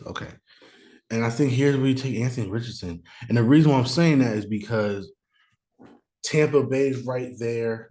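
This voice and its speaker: Low-voiced man musing over a mock draft. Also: darkish tone. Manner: thinks aloud, chatty, sudden mock outrage. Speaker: podcast host doing a mock draft. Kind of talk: casual solo commentary. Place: room at home, noise outside.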